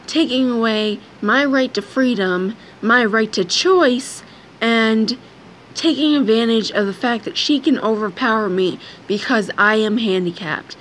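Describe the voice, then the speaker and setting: A woman's voice: a little high, slight background noise. A young woman venting in a blunt, frustrated vlog rant, swearing heavily. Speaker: vlogger. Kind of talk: angry personal vlog rant.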